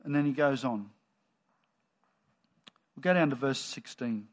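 A man preaching a sermon to his congregation in a relaxed, conversational storytelling manner. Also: mid-range voice, measured pace.

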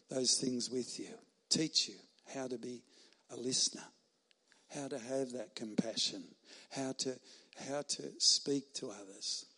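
Middle-aged male chaplain preaching, earnest and emphatic, pauses for effect, mid-pitched voice. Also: bright, forceful tone, husky. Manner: earnest, emphatic, with pauses and laughs at his own stories. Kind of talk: sermon.

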